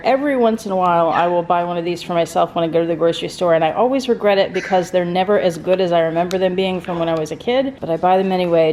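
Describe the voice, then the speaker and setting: A woman chatting casually through a home vlog in her kitchen, going sing-song and high when she talks to her pets. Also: a little mellow, a little hiss or hum. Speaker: vlogger.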